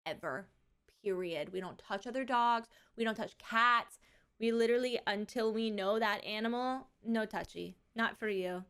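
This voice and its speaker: A young woman streamer telling stories in casual chat, with lively quoted asides. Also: fairly high pitch, moderate pace, smooth. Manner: chatty storytelling, animated quoted asides.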